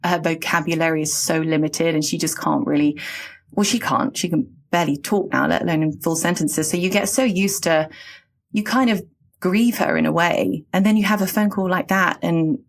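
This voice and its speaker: A woman from England in her late thirties, talking in an earnest, reflective and halting way on a casual podcast. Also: on the low side, vocal fry. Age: late 30s.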